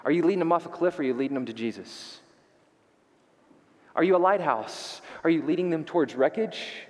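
A man preaching from the pulpit, pressing his listeners with repeated rhetorical questions. His voice sits a little high for a man, and it carries a long reverb from the large sanctuary around him. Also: expressive, fairly quick. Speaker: pastor. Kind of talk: sermon. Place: church sanctuary.

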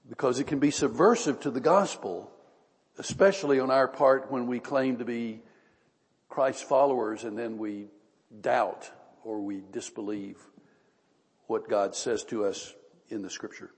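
A man preaching a Bible-teaching sermon in an earnest, conversational way, reading scripture slowly and with weight. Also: medium pitch, a little mellow, slightly rough. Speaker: pastor. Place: church hall. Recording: long reverb of a large hall.

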